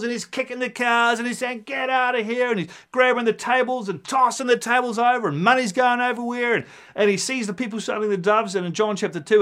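A man preaching a sermon, animated and storytelling, acting out the voices in his quotes. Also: high-pitched. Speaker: pastor.

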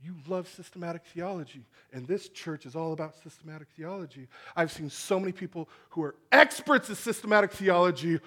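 A man preaching a sermon to a congregation, animated and acting out the voices in his stories. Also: on the high side, fairly quick, hardly any pauses. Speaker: pastor. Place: church hall with congregation.

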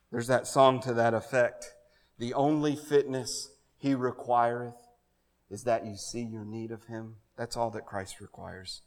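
A male pastor preaching a sermon, moving between soft pleading and loud, fervent calls to come forward. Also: mid-range voice, level tone, unhurried, long reverb tail. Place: church sanctuary.

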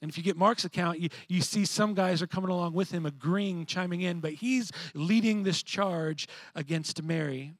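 A man preaching a sermon, moving between animated emphasis and hushed, reflective passages. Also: high-pitched, normal speed, few pauses, no room sound. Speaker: pastor.

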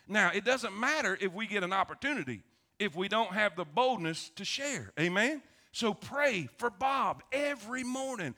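A pastor, preaching a sermon and telling stories with emphasis and humor. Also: male voice, high-pitched, animated, a little fast, pushed and bright.

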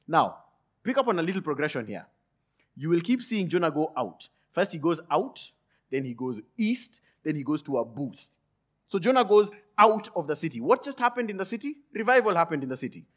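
A male pastor preaching a sermon, swinging from loud emphatic peaks to low quiet asides and acting out quick grumbling lines. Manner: acts out Jonah's grumbling thoughts in quick asides.

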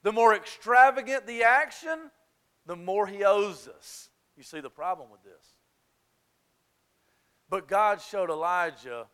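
Brief: male pastor, high bright voice, emphatic yet conversational, confessional sermon. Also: expressive, measured pace, long pauses, clean tone.

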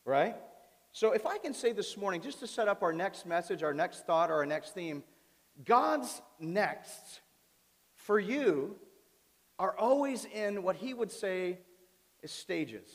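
A man preaching a sermon as pastor, animated, often turning to his congregation with questions. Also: high-pitched, takes it slowly. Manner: animated, asks the audience questions. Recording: reverberant hall.

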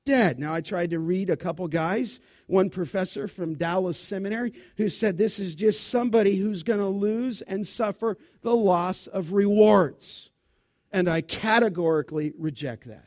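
A pastor preaching an expository sermon, emphatic, posing rhetorical questions and answering them himself. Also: male voice, high-pitched, moderate pace, a little mellow. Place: church.

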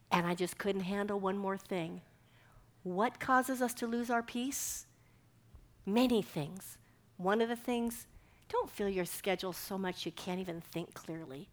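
A woman's voice: medium pitch, pushed and bright. A middle-aged woman giving a sermon, telling a personal story and acting out the dialogue with animation. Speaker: speaker giving a devotional talk.

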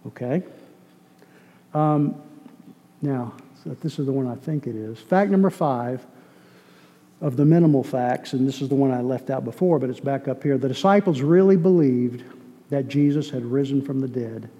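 A man's voice: mid-range voice, moderate pace, mellow. A man from Boston teaching a sermon-style lesson from slides, talking conversationally, repeating words and quizzing his listeners. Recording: long hall reverb.

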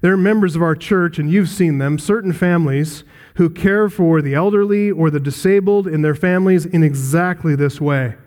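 A man's voice: on the high side, normal speed, a little mellow. A man pastor preaching an expository sermon, earnest, with rhetorical questions to the congregation.

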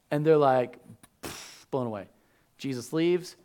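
A man preaching a sermon as a pastor, animated and joking, acting out the voices of biblical figures. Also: medium pitch, a little slow.

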